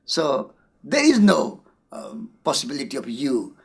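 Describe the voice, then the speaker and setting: A man's voice: on the high side, huge pitch swings, unhurried, creaky, husky. A man with an Indian accent, telling a personal story earnestly as an interview guest. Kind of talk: reflective storytelling.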